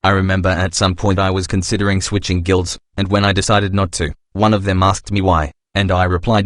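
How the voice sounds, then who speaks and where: A man hosting his own channel, telling relaxed anecdotes in casual vlog narration. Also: low-pitched, a little fast, hardly any pauses, no echo, studio quality. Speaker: channel host.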